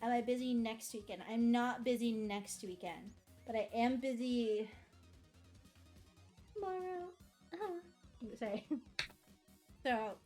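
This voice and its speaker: A woman streamer chatting at her desk, her voice sitting a little high. She rambles, swears and laughs at herself, sounding tired and overheated. Faint music plays under her voice. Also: slow pace, long pauses, darkish tone. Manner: rambling, self-deprecating, swears and laughs often. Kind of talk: casual live-stream chat.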